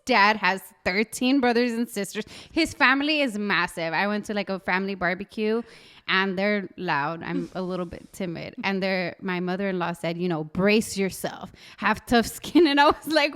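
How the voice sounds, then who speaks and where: Young adult woman, podcast co-host, animated storyteller, clear smooth tone. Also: mid-range voice, moderate pace. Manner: animated storytelling, acting out quoted dialogue. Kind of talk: casual chat.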